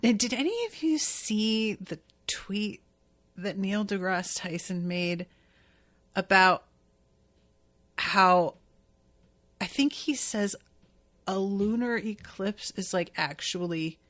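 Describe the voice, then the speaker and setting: A woman with a mid-range voice talks through an episode recap. She is chatty and animated, and now and then she acts out lines in quoted voices. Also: medium pitch, slow, creaky, pauses often. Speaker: podcast host.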